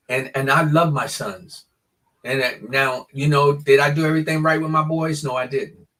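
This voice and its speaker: A man in his sixties, a podcast guest telling his life story in an earnest, halting way with frequent restarts. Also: medium pitch, a bit bright, far from the mic. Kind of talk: personal storytelling in an interview.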